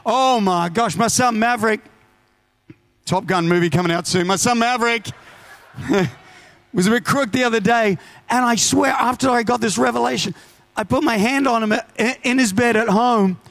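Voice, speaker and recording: A man preaching a sermon, telling stories with lively asides and urgent declarations. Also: very high-pitched, normal speed, creaky.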